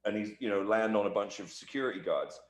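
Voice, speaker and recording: A man with a lowish voice tells a backstage story in a shoot interview. He talks fast and loose, jumping into voices for the people he quotes. The room around him rings with echo. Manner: animated anecdote-telling, acting out quotes. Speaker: interview guest, wrestler. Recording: echoey room.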